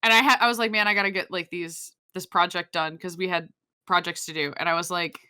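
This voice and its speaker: Casting: young woman podcast co-host, bright tone, animated, swears freely, casual chat. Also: on the low side, fast, smooth. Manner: animated, swears a lot, many restarts.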